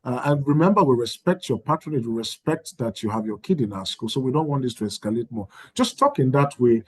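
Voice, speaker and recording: A man's voice: medium pitch, animated, brisk. A man leading an online training session, talking in a conversational way and acting out sample exchanges with parents. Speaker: course facilitator.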